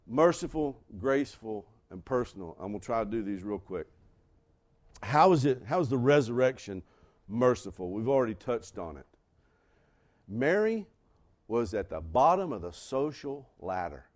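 An older man preaching a sermon, repeating lines for emphasis and swinging from shouts down to hushed whispers. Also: medium pitch, very animated. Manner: dramatic shifts from shouting to hushed whispers, with laughs; preaching slowly with emphatic repetition. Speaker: pastor.

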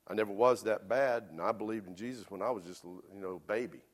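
A man voicing a stubborn, offended male church bass singer in a sermon anecdote, curt and sulky. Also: fairly quick, natural voice.

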